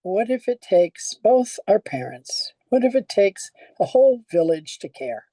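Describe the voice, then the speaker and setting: A woman's voice: mid-range voice, sing-song, measured pace, dark tone, no room sound, low-quality recording. An older woman pastor giving a conversational sermon, telling stories and asking the congregation questions.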